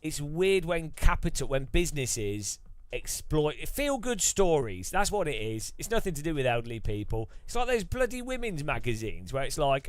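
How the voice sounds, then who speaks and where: A man's voice: fairly high pitch, normal speed, clear, resonant tone, no room sound, soft background music. A middle-aged man hosting a live stream, chatting casually and ranting with swearing and mocking put-on voices. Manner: animated, ranting, swears, mimics voices for effect. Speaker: streamer host.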